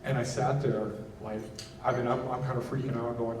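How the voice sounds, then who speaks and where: A man giving a candid personal testimony as a keynote speaker at a gala, halting often and restarting his sentences. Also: medium pitch, little pitch movement, echoey room, distant mic, noisy background. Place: gala event hall.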